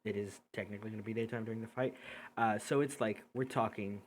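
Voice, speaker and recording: A man's voice: lowish voice, fairly even intonation, quick pace, a little hiss or hum. A man running a tabletop game as game master over a voice call, casually explaining rules and the map. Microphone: headset or desk mic on a voice call.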